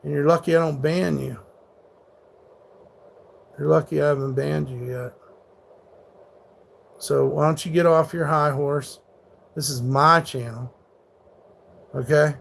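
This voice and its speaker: A man in his thirties streams live, answering his chat in a fairly high voice. He talks back hard at trolls, swearing freely and sounding combative. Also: fairly even intonation, unhurried, gravelly, long pauses. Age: 30s. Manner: combative, profane, rants back at hecklers. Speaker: livestreamer.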